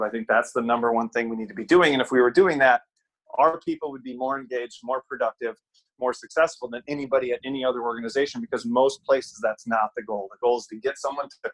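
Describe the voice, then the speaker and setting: A man's voice: medium pitch, a bit bright, rough recording. A middle-aged man from Wisconsin, a guest on a casual podcast interview, who talks emphatically, repeats key phrases and jokes at his own expense. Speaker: guest speaker and author.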